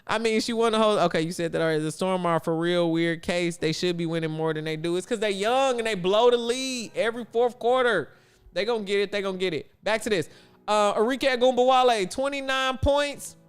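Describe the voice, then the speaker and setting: A man's voice: extremely high pitch, fairly bright tone, smooth. A man from Chicago hosting a casual sports livestream, chatty and answering his viewers' chat aloud. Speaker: livestream host.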